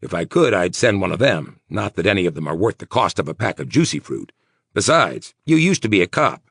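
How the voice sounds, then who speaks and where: A man voicing a nervous, sweating male mayor, talking in tense, insistent rapid bursts. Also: low-pitched, sing-song, gravelly, fairly bright tone, slightly rough, no echo, clean studio sound, full character voice. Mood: worried.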